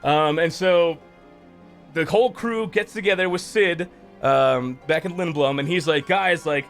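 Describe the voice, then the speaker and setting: A man's voice: on the high side, measured pace, faint music behind. Rambling, foul-mouthed streamer man. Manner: rambling, profane, animated retelling. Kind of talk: casual game story recap.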